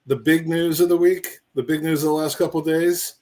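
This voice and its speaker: A man's voice: a little high, steady tone, a little fast, a little mellow. Rambling, jokey male podcast host. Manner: rambling, jokey, many restarts. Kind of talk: casual live-stream chat.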